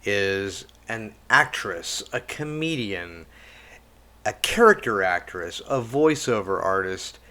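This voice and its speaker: A man's voice: on the low side, animated, takes it slowly, pushed and bright. A man hosting a podcast interview, giving upbeat announcer-style introductions over a video call. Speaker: podcast host. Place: home studio, video call.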